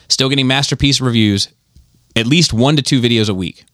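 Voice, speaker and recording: A man's voice: mid-range voice, fairly quick, fairly bright tone, dry recording, clean studio sound. A man hosting a casual podcast chat, talking in a rambling, emphatic way and often restarting his sentences. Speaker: podcast host.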